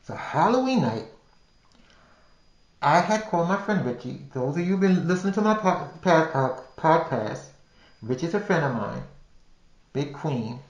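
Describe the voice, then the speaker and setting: An older man hosting a podcast, telling a personal story in an animated, dramatic way with many restarts. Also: fairly high pitch, a little slow, pauses often, dull audio. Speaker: podcast host. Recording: roomy echo.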